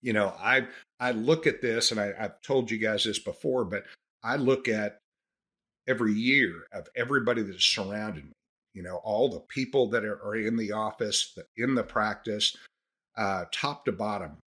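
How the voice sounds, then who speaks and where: A man hosting a dental podcast, speaking in a casual, earnest way that rambles and restarts. His voice sits a bit low but sounds bright and forward. There is a husky edge to it. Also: normal speed. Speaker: dentist and podcast host. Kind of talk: casual monologue on practice management.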